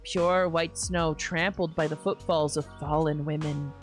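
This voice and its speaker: A young adult woman streamer reading narration from a game aloud in a steady, lowish voice. Between passages she breaks into loud, laughing, swearing reactions, with faint game music underneath. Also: unhurried.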